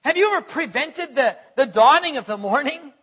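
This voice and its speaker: A man preaching a sermon who reads scripture aloud and asks his listeners direct questions, swinging between soft questioning and loud, earnest declaring. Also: very high voice, lively intonation, normal speed. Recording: echoey hall, dull lo-fi sound.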